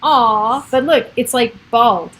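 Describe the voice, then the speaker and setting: Speaking slowly in a slightly high voice, a middle-aged woman livestreams from home to her followers as a realtor. She giggles and wanders off topic in loose, rambling chat, and background noise can be heard.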